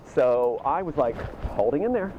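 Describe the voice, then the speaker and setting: Man, mid pitch, rambling with restarts, noisy outdoor clip. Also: animated, normal speed, dull audio. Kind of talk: recounting events in casual talk.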